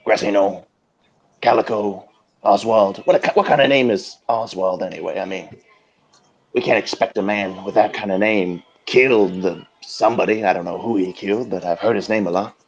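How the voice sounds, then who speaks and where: Man, low-pitched voice, grandiose mock-preacher comedy, rambling, whisper-to-shout swings. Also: normal speed, lo-fi sound. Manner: rambling, swings from hushed whispers to loud declaiming. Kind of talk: improvised comedic mock oration.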